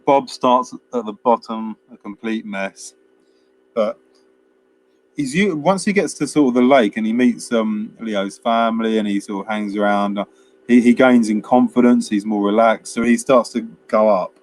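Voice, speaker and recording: A man's voice: lowish voice, normal speed, darkish tone, a little hiss or hum. A man, co-hosting a casual film review chat, rambling through scenes with quoted lines and frequent laughs. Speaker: podcast co-host.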